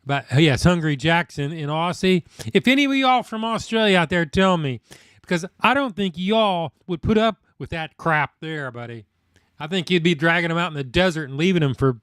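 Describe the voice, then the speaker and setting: A man's voice: a little high, a bit bright, clear, resonant tone, no room sound, clean studio sound. A middle-aged man, hosting a casual food live stream, chatting in a rambling, folksy way and reading out viewer comments. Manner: rambling, folksy, complains about fast food.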